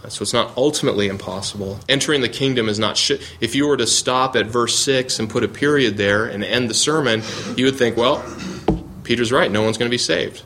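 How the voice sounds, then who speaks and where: A man's voice: mid-range voice, a little fast, few pauses, bright, forceful tone, a little hiss or hum. Earnest man teaching a Bible class. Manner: earnest, reads scripture aloud, restarts and searches for words.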